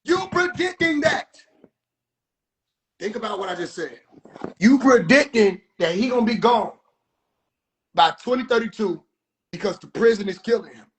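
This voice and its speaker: A man giving heated, profane, incredulous commentary, often breaking into shouts. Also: sits high, animated, normal speed, pauses often, a little hiss or hum. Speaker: video commentator. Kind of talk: ranting commentary.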